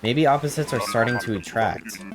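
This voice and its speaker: A man's voice: mid-range voice, moderate pace. A man streaming a game, playful and jokey as he chats with his viewers. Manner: playful and jokey, chatting with chat. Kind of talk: casual gameplay commentary. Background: game music.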